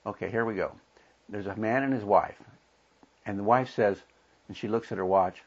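A man teaching a Bible class lesson in a plain, conversational way, pausing to explain the verses. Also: lowish voice, highs cut off.

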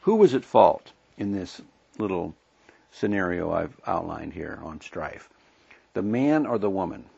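Brief: husky, low-voiced man teaching a Bible lesson, muffled lo-fi tape. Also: very animated, dark tone. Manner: plain, conversational, pauses to explain verses. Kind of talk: recorded Bible class lesson.

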